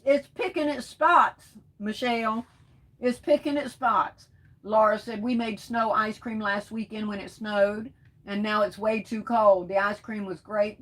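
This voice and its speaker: A woman's voice: medium pitch, fairly bright tone, poor audio. This is a woman hosting a laid-back live stream, working her way through viewer comments one by one. She reads each one aloud and answers with easy pet names like sweetheart. Her talk is loose and chatty, with plenty of casual fillers. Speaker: livestream host reading viewer comments.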